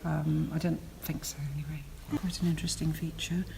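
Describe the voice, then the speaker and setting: Older retired lady, low gravelly voice, lots of ums and restarts. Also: little pitch movement, fairly quick, warm tone, slight background noise. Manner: hesitant, many ums, self-correcting. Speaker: retired teacher interviewee. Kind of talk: casual interview answers.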